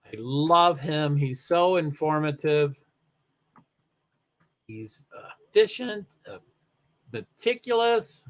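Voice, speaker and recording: Yawning and exhausted, this live streamer hosts a solo racing stream in a fairly high, animated voice. He takes it slowly with long pauses, rambling and breaking off his own thoughts with fillers.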